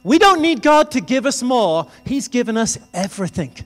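A man's voice: very high-pitched, sing-song, moderate pace, fairly bright tone. A man preaching a sermon in a conversational, storytelling way. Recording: reverberant hall with music behind.

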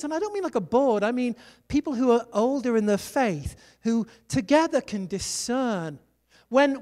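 A preacher delivering a sermon, telling personal stories and urging listeners on with quick asides. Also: mid-range voice, a little mellow. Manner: exhorting, storytelling, quick asides.

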